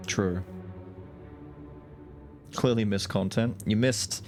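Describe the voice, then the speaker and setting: A man's voice: lowish voice, fairly even intonation, slow pace. A man streaming a video game, giving casual commentary with crude, joking asides. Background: loud game music.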